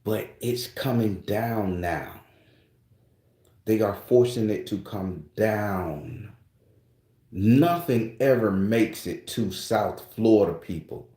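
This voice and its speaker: A man's voice: on the low side, slow pace, warm tone, echoey room. A man hosting his own channel, talking casually and loosely to his viewers, with rambling restarts and frequent swearing. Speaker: spiritual channel host.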